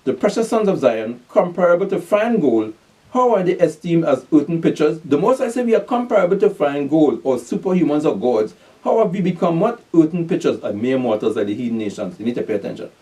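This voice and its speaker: A man's voice: a little high, expressive, brisk, a little mellow, recorded from a distance. A man preaching a sermon, reading verses aloud and repeatedly quizzing his listeners and telling them to pay attention. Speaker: street preacher. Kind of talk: scripture teaching sermon.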